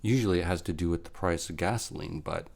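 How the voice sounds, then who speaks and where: A man's voice: sits low, quick pace, darkish tone. A man hosting a podcast in casual chat, with dry, teasing asides. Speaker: podcast host.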